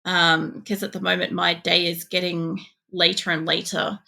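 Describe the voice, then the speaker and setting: A woman's voice: on the low side, level tone, moderate pace, vocal fry, bright, forceful tone. An Australian woman streaming a game, chatting casually in a rambling way, swearing often and filling gaps with fillers. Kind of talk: casual gameplay chat.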